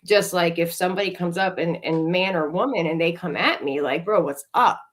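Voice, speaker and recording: Woman podcast host, fairly low voice, blunt storyteller who swears and laughs a lot. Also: brisk. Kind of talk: candid storytelling chat.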